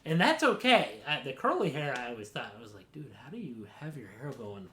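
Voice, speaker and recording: A man's voice: medium pitch, a little fast. A young man co-hosting a podcast, rambling in casual chat and saying "dude" often. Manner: rambling, says dude a lot, jumpy and animated. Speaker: podcast co-host. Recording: roomy echo, faint noise.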